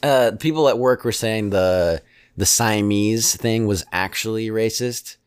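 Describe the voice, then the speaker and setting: A man co-hosting a casual chat, rambling and halting with many restarts and fillers, often chuckling. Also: on the low side, smooth, no room sound, clean studio sound.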